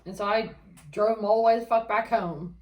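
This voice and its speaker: A woman's voice: medium pitch, fairly even intonation, fairly quick, echoey room, lo-fi sound. A woman co-hosting a podcast, talking bluntly in casual chat and swearing heavily. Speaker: podcast co-host.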